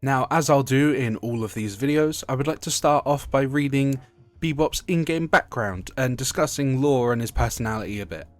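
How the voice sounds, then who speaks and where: A man's voice: mid-range voice, moderate pace, no echo. A British man talking casually about a video game, rambling and often correcting himself mid-sentence. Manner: rambling, self-correcting, chatty. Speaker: gaming video creator.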